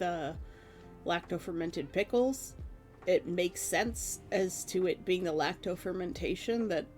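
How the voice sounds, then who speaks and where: A woman in her thirties chatting casually with her stream viewers, animated and laughing often. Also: on the low side.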